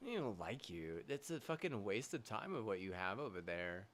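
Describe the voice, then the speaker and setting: A young man streaming live, ranting angrily with constant swearing, halting restarts and loud agitated bursts. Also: fairly low pitch, sing-song, slight background noise. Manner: heated, profane, swearing constantly; halting restarts, trailing fillers. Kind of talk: angry livestream rant.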